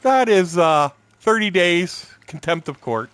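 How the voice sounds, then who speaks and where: A man's voice: high voice, animated, unhurried, fairly bright tone, no room sound, pitched above the performer's own voice. A man voicing an outraged male judge, bellowing and indignant.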